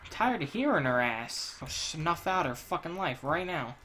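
A man's voice: on the high side, very animated, moderate pace, pushed and bright, slight background noise. A man giving crude, profane let's play commentary while he plays, ranting and joking. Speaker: gamer.

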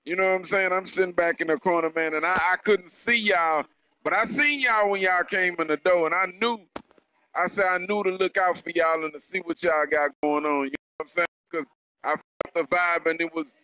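A man's voice: sits high, fairly even intonation, moderate pace, bright, forceful tone, clear, resonant tone. A man hosting a radio interview at a music festival venue, hyped and slangy, repeating himself. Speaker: radio show host. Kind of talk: hype interview intro.

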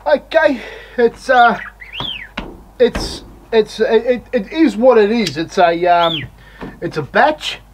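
A man's voice: sits high, lively intonation, slow pace, pauses often, a little hiss or hum, low-quality recording. A man with an Australian accent hosting a casual beer review, rambling and swearing in blokey banter. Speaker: beer reviewer and show host.

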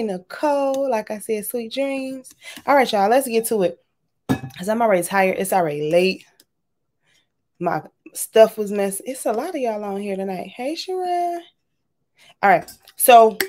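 A woman chats casually on a late-night craft livestream. She talks in a loose, animated way, greeting viewers one by one. She speaks into a webcam at home. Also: medium pitch, moderate pace, slight background noise. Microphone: webcam or laptop camera.

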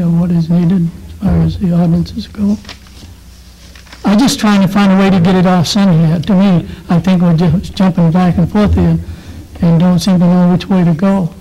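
A man's voice: high-pitched, level tone, normal speed, dark tone, rough recording. A man on a town council, speaking plainly at a meeting and impatient to move things forward. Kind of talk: public meeting remarks.

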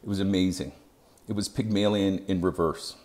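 A man giving scripted narration as an EMS educator, with a measured, even delivery. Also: deep voice.

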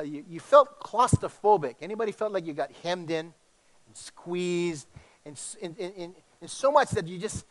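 A middle-aged male pastor from Hawaii with a slight tinge, preaching in an animated, conversational way with many restarts. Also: high-pitched. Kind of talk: sermon.

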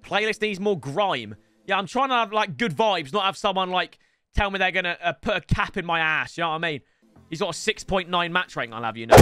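A young man giving casual, excitable gameplay commentary, swearing and breaking into shouts. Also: high voice, a little fast, smooth. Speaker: gaming YouTuber. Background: faint game music.

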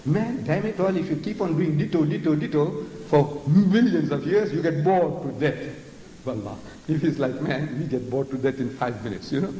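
An older man with a South African accent, giving a mocking, animated lecture and mimicking the voices of others. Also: fairly high pitch, a little fast, a little hiss or hum. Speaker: public speaker. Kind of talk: lecture before an audience. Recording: echoey hall recording.

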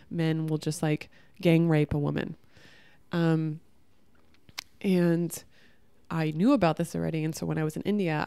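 Low, gravelly woman rambling to camera. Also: mellow, no room sound. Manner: rambling, heavy use of "like"; reflective, candid. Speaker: vlogger. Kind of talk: casual spiritual monologue to camera.

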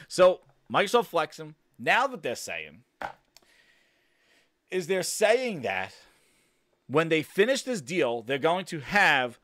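A man hosting a gaming stream in a bright, lively voice pitched a little high. He rambles, swears and leans into sarcasm. He is recorded close on a good microphone, dry and without room echo. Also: takes it slowly, pauses often. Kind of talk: casual gaming podcast rant. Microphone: studio-quality microphone.

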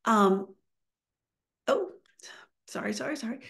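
Slow-talking woman with a gravelly voice. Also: on the high side. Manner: slow, with many fillers and restarts. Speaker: webinar presenter. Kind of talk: online webinar presentation.

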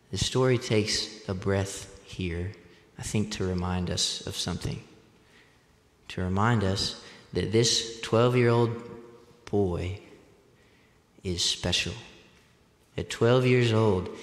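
Slow, deliberate male preacher in an echoey church. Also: on the low side. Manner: measured, deliberate delivery that speeds up for personal stories. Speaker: pastor. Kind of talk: sermon. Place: church sanctuary.

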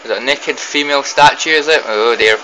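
A young man giving excitable let's play commentary, blurting reactions and mild swearing as he fights. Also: medium pitch, a little fast, rough recording. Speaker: gaming commentator.

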